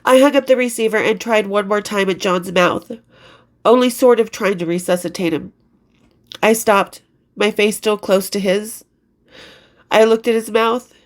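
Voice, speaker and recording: A middle-aged woman reading her own memoir aloud, candid and expressive, with casual asides and blunt swearing. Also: mid-range voice, normal speed, long pauses.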